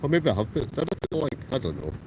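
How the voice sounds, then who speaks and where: A man's voice: mid-range voice, big pitch swings, racing. A Scottish man chatting on a live stream from inside a tent, greeting viewers by name in a cheerful, good-humoured way. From Scotland. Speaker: wild camper live-streaming. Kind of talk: casual live-stream chat reading viewer comments. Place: inside a tent outdoors in a storm. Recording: roaring storm wind, garbled robotic-sounding audio. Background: howling gale buffeting the tent.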